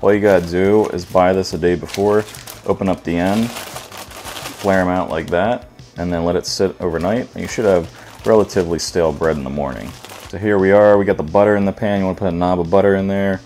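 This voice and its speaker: Man, low voice, offhand joking manner, home cooking demo, soft music underneath. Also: steady tone, a little fast. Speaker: cooking video host. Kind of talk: casual cooking demonstration. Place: home kitchen.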